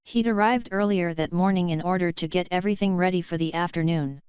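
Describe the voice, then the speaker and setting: Calm woman narrating a story, low voice. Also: clear, resonant tone, dry recording. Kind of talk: fan fiction audiobook narration. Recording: slightly dull, dry close-mic recording.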